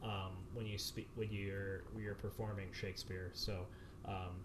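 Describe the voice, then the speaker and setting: A man's voice: fairly low pitch, flat delivery, a little slow, noisy background. A man directing a community theater show, answering questions at length with many fillers and restarts over a video call. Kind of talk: explanatory Q&A answers.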